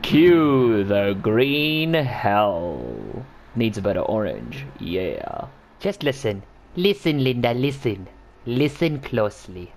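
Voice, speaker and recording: A man giving excited commentary while he drives laps in a racing game, exclaiming and repeating himself. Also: medium pitch, slow, slight background noise. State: talking while driving laps.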